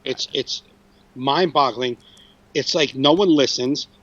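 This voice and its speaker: A man's voice: medium pitch, slow, a bit bright, no echo, muffled recording. A man in his forties, a comedian hosting a podcast, telling a story casually with restarts and swearing. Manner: rambling, frequent restarts and swearing.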